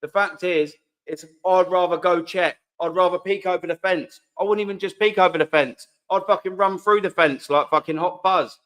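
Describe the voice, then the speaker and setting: A young British man hosts a live fan stream, his voice sitting a touch higher than most men's. He rants hotly and sarcastically at viewers' comments, swearing constantly and hammering home his points. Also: steady tone, normal speed, few pauses, fairly bright tone. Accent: British English. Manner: heated, profane, sarcastic. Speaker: fan channel host.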